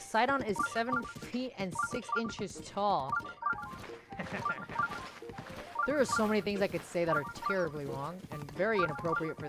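A young woman live-streaming a video game, chatting with viewers and scolding her horse, laughing often. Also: mid-range voice. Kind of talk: casual live-stream chat.

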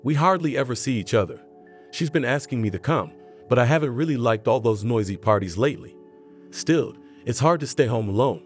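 A man voicing a lonely, gentle married man who talks quietly and plainly. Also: medium pitch, animated, a little fast, faint music behind, close to an everyday voice.

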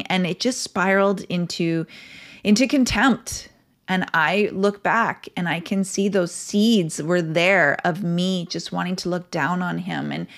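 A woman hosting a podcast, talking in a casual, earnest and reflective way, candid about her own life. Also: medium pitch. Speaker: podcast host. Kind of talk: casual advice talk.

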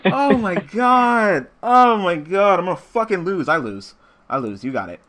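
A man's voice: high voice, sing-song, measured pace, fairly bright tone. A man commentating a card game he is playing, swearing nonstop and raging at his luck. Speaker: gameplay commentator.

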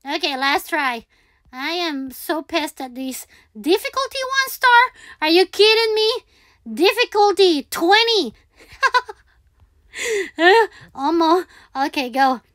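A high-voiced woman talks her way through a game at an unhurried pace. She repeats her words and pleads with the game as she plays. Her voice sits dry and close to the mic. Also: expressive, fairly bright tone, no echo. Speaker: gaming video creator. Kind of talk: live gameplay commentary.

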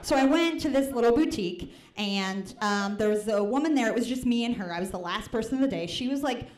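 A woman's voice: fairly high pitch, lively intonation, brisk, a little mellow. A young woman from the Midwest doing a stand-up set, chatty and self-deprecating, with lots of "like" and "right?". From American Midwest. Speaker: stand-up comedian. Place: comedy club stage before a live audience. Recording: roomy club sound.

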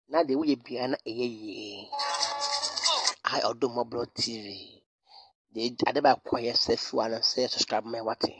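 A man's voice: mid-range voice, steady tone, measured pace, faint music behind. Man presenting news in Twi. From Ghana. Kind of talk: news commentary.

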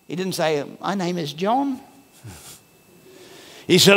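A male pastor from Australia preaching a sermon with fervour, swinging from shouts to a near hush. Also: sits high, animated, takes it slowly, long pauses. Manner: fervent preaching, rising to shouts and dropping to a hush. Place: large church hall. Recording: church hall reverb with faint music.

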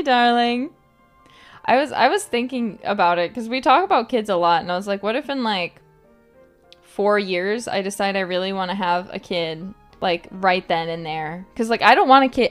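A woman's voice: mid-range voice, lively intonation, moderate pace, soft background music. A woman streamer rambling in casual late-night chat, giggling often and filling her talk with "like". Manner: rambling, giggly, filler-heavy "like".

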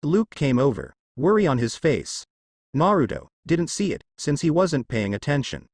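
A man reads a fan fiction adventure aloud with an animated, up-and-down storytelling delivery. The sound is dry and close to the mic, with no room around it. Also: fairly high pitch, normal speed, slightly rough, dry recording. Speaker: narrator.

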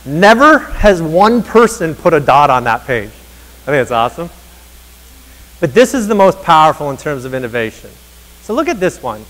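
Lively man speaking in a hall. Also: on the high side. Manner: energetic storyteller, acts out dialogue. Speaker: keynote speaker on teacher happiness. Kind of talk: motivational conference keynote. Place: large conference hall. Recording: reverberant hall.

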